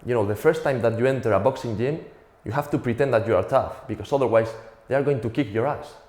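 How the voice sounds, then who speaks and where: A man's voice: mid-range voice, quick pace, darkish tone, reverberant. A young man from Spain with a Spanish accent, telling a profane, self-mocking stand-up comedy routine.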